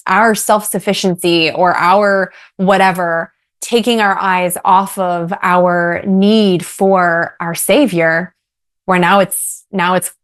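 A woman author guesting on a radio talk show, speaking thoughtfully in long, rambling sentences with restarts and light laughs. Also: mid-range voice. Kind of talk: casual radio interview.

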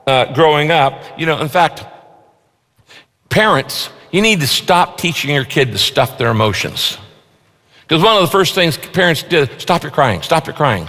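A man's voice: a little high, a bit bright. A man preaching a sermon as pastor, earnest and emphatic, repeating key phrases and leading the congregation through verses. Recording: long hall reverb.

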